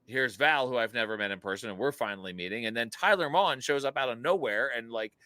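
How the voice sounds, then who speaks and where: A man hosting a podcast, telling stories in an animated way and laughing often. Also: mid-range voice, fast talker, no echo. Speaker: podcast host. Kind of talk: casual chat.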